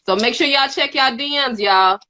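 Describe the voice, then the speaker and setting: A woman's voice: on the high side, moderate pace, pushed and bright. A woman hosting a live online interview, enthusiastic and folksy, calling viewers "y'all" and "honey". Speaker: interview host. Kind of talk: live social media interview. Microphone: live video call.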